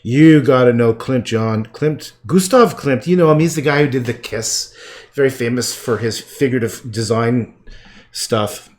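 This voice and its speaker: A man putting on a snooty male art snob who lectures in a condescending, drawn-out way. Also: mid-range voice, close to an everyday voice.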